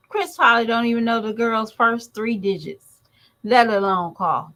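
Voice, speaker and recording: A woman's voice: a little high, steady tone, moderate pace, long pauses, bright, forceful tone, poor audio. A woman and mother giving blunt, emphatic commentary in a vlog, talking straight to her viewers.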